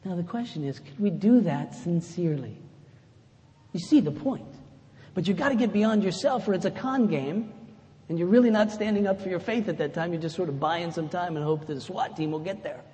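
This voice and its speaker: Preaching man in an echoey hall. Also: brisk. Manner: conversational preaching, swings from loud emphatic to soft and low. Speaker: pastor. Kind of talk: sermon. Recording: echoey hall with faint ambience.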